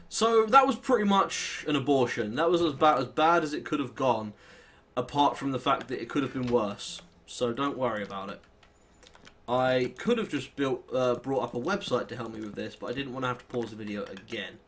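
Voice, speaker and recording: Rambling British lad narrating gameplay. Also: male voice, mid-range voice, fairly bright tone, slight background noise. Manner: rambling, self-deprecating, thinks aloud while playing. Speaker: let's play host. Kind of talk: casual gameplay commentary.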